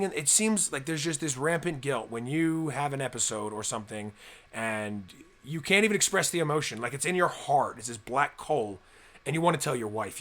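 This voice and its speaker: A young man with a fairly bright, somewhat high voice co-hosts a casual podcast. He talks earnestly and at length, acting out people's inner thoughts along the way.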